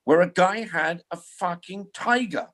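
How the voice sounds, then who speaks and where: A man's voice: high-pitched, a little slow, fairly bright tone. A man in his sixties, chatting casually as a guest and rambling with frequent restarts. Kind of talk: casual conversation.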